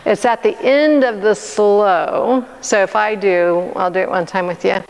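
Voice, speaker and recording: A woman's voice: mid-range voice, a little slow, a little mellow. A woman teaching a dance lesson, counting beats aloud and coaching patiently step by step. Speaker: dance instructor. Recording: long reverb, faint noise.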